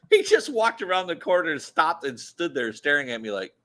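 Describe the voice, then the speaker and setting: Lively, bright-voiced man hosting a podcast. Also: fairly high pitch, normal speed. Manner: laughing, animated banter. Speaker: podcast host. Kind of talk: casual live podcast chat.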